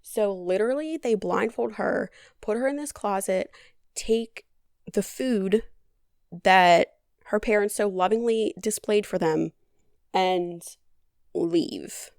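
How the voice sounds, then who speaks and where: A woman hosts a podcast and retells a movie plot in a chatty, deadpan, sarcastic way, with plenty of "like". Her mid-pitched voice carries a gravelly vocal fry. The recording is close and dry, with no room sound. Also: slow pace, no echo. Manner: chatty, heavy on "like". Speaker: podcast host. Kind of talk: casual movie recap.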